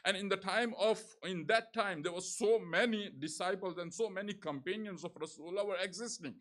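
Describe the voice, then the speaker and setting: Earnest male preacher, high-pitched. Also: fairly quick, fairly bright tone. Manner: earnest storytelling with frequent fillers, rising emphasis. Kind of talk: sermon.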